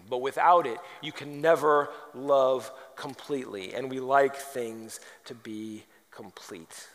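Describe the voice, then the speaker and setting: A man's voice: mid-range voice, fairly even intonation, slow, few pauses. A man preaching a sermon, firing off rhetorical questions and telling humorous stories. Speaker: pastor. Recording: long hall reverb.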